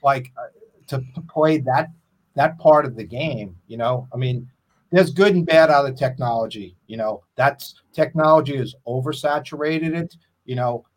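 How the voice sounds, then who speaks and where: A man's voice: mid-range voice, moderate pace. Rambling middle-aged man, casual musician. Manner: rambling, self-deprecating, trails off. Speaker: independent musician. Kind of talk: casual podcast chat.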